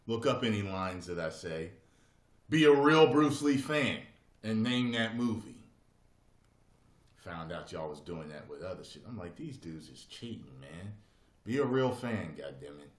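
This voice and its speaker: A man's voice: on the low side, expressive, a little slow. A man hosting a casual live stream, jokey and slangy, teasing his viewers.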